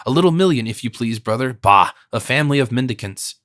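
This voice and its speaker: A man voicing a hoarse, sardonic cardinal. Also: medium pitch, brisk, a bit bright, no room sound, studio quality, lightly acted. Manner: ironic, disdainful. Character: sardonic scheming male cardinal minister in his sickbed.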